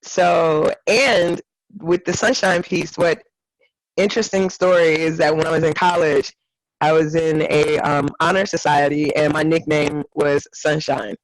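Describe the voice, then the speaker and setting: A woman's voice: deep voice, steady tone, unhurried, dry recording, rough recording. A woman co-hosting a casual spiritual podcast chat, effusive and given to acting out what others said. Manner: effusive, acts out others' lines in quoted voices. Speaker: podcast co-host.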